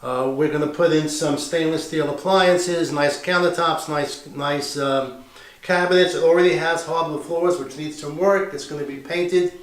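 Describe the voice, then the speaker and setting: A slightly high male voice holds a steady tone at a moderate pace. The speaker, a real estate investor, casually and plainly walks through the indoor space of a house under renovation, thinking aloud, and the recording echoes off the bare walls.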